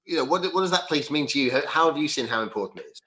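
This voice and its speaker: A male host asking questions briskly and in a friendly way. He talks fast, and his voice is bright and forward. He keeps the interview moving. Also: fairly high pitch, expressive. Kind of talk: interview on a charity livestream.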